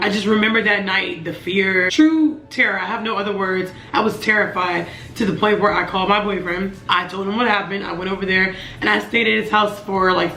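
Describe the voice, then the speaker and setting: Woman, 20s, vlog storytelling, bright tense tone, echoey room, earnest. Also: medium pitch. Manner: earnest, emotional, halting restarts. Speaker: vlogger. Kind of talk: personal storytelling to camera.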